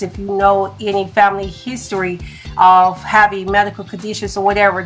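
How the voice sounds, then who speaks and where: Chatty woman livestreaming on her phone. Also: mid-range voice. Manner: halting, restarts and stumbles over words. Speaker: livestream host. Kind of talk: casual live talk.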